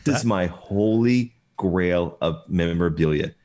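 A man's voice: low-pitched, a little slow, darkish tone. A man co-hosting a racing podcast in casual chat, giving blunt, teasing opinions. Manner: blunt, teasing hot takes. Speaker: podcast co-host.

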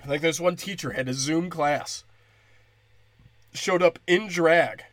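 Young male stand-up, crude ranting delivery, slightly high voice, dry sound. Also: measured pace, a bit bright, dry recording. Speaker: stand-up comedian. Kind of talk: stand-up comedy rant.

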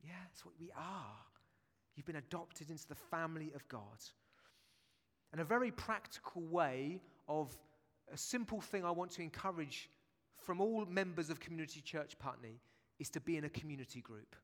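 Chatty preacher with a high voice. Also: male voice, expressive, normal speed, fairly bright tone. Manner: chatty, jokey preaching with asides to the congregation. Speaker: pastor. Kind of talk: sermon. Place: church. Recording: long church reverb.

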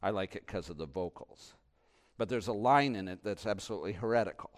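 Male pastor, impassioned sermon delivery, hushed to booming, resonant tone. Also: brisk. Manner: impassioned, swinging from hushed to loud.

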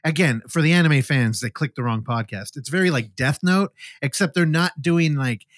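A man's voice: fairly high pitch, normal speed, no room sound, studio quality. A man co-hosting a movie podcast, recapping a film with casual swearing and acting out scenes in mock voices. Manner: profane, animated, acts out scenes in silly voices. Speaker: podcast co-host. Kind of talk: casual movie review chat.

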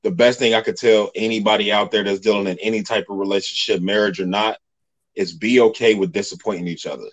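Male podcast host, thirties, lowish voice, blunt and profane, casual talk. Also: steady tone, fast talker, rough recording.

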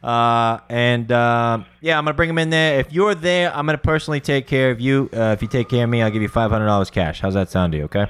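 A man's voice: mid-range voice, fast, few pauses, fairly bright tone, clean tone, voice pushed up, natural voice. A man prank calling as a shady male caller in witness protection, hesitant and full of fillers. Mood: scheming. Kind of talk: prank phone call.

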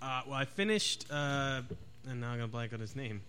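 A man's voice: mid-range voice, animated, brisk, sharp tone. A man co-hosting a podcast, talking enthusiastically and interrupting himself in casual chat. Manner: rambling, self-interrupting, enthusiastic. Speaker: podcast co-host.

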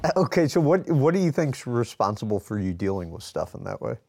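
A male interviewer with a gravelly, mellow low voice. He fires off a question quickly and with a lively, bouncing pitch. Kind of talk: casual interview.

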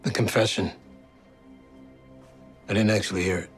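A man's voice: fairly low pitch, fairly even intonation, normal speed, lightly acted. An actor playing a male detective who defends a grieving colleague, speaking earnestly and directly in a TV drama clip. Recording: TV clip with faint music.

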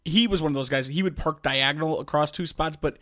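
A man's voice: a little high, fast, a bit bright, no echo. Dry-humored man chatting on a podcast. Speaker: podcast co-host. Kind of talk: casual chat.

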